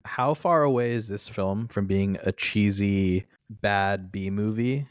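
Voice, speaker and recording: A man with a lowish voice talks films in an easygoing, halting manner, restarting his thoughts as he goes. The sound is dry and close. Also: clear, resonant tone, no echo. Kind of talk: casual film review chat.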